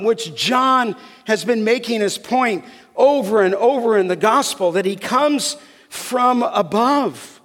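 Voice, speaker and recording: A man preaching a sermon as pastor, deliberate and emphatic, asking the congregation rhetorical questions. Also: sits high, lively intonation, a bit bright, in a large hall.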